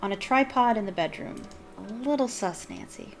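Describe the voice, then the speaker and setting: A woman's voice: mid-range voice, sing-song, moderate pace, vocal fry, faint music behind. A woman streamer giving chatty, enthusiastic commentary while playing a game, with rambling asides. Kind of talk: casual gameplay commentary.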